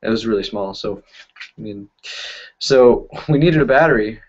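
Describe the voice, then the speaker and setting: This YouTube magic and cardistry creator has a fairly low, darkish voice at normal speed, recorded with the highs cut off. Hosting a casual live stream, he answers comments in rambling, self-correcting stories punctuated by frequent laughter.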